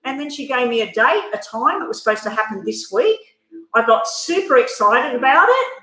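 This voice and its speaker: A woman's voice: on the high side, expressive, fairly quick, fairly bright tone. A woman hosting a live tarot reading stream, chatting candidly and emotionally to her viewers. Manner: addresses viewers directly. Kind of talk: casual live-stream chat and card reading. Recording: echoey room.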